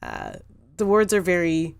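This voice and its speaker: A woman co-hosting a podcast, chatting in a relaxed way and laughing now and then. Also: fairly low pitch, measured pace, vocal fry, clean tone. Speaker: podcast co-host. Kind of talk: casual podcast chat.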